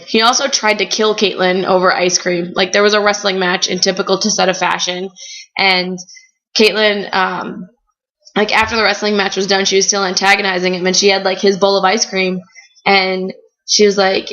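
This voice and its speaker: Young woman vlogger, chatty storyteller, bright tone, dull lo-fi recording. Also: medium pitch, moderate pace. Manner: chatty, animated storytelling with frequent "like". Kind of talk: casual chat.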